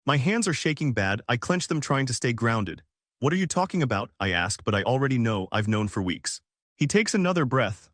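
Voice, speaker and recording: Narrator: male, animated dramatic storyteller, dry close voice, mid pitch. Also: dry recording. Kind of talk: scripted first-person narration.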